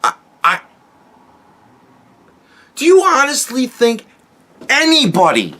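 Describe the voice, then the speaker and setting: Slow-talking exasperated ranting man. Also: extremely high pitch, wildly swooping pitch, bright, forceful tone. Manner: exasperated, profane, sarcastic, many restarts. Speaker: podcast host. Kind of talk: casual solo rant.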